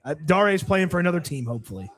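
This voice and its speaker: A man's voice: high voice, very animated, fast talker, fairly bright tone. A man co-hosting a casual sports talk show, telling a story with animation and acting out both sides. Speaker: co-host. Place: live show at a restaurant.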